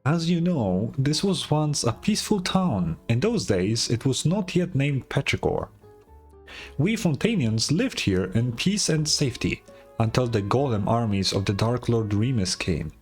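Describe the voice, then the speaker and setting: A pompous, boastful rebel leader declaiming his tale with grandiose, slow weight, as a man puts him on. Faint music plays behind him. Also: medium pitch, big pitch swings, a little mellow, breathy edge. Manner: grandiose storytelling.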